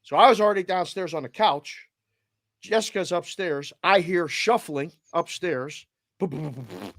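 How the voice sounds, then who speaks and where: A man's voice: a little high, moderate pace, no echo, studio quality. Man with a Boston accent telling a story. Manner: emotional, animated retelling with quoted voices. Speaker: sports betting show host. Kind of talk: casual storytelling.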